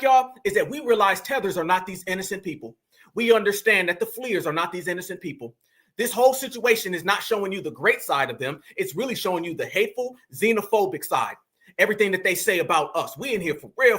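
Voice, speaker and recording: High, bright-voiced man heckling a clip. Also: quick pace. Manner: animated, heckling, repeats "y'all". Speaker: commentary channel host. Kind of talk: reaction commentary.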